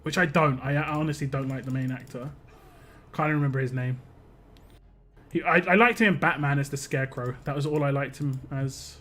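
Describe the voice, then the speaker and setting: Playing a game live, a British streamer talks casually with his audience in a rambling way, often interrupting himself. He speaks briskly in a medium pitch with a steady, bright, forceful tone.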